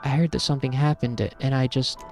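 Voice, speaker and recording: A man's voice: medium pitch, level tone, fast, a little mellow, faint music behind, lightly acted. A man voicing a tearful, anxious young woman, his voice choking as if holding back tears.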